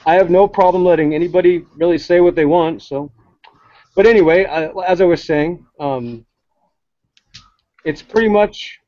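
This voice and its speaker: A man co-hosting a casual talk show, ranting in a blunt, heated way. His voice sits a touch higher than usual for a man. The recording sounds dull and lo-fi. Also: normal speed, long pauses, dry recording. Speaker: co-host. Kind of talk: casual opinionated chat.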